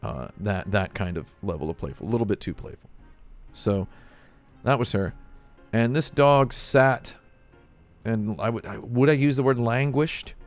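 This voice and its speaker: A man's voice: on the low side, moderate pace, a little mellow, soft background music. A man streaming live, chatting casually and rambling with jokey asides to his chat.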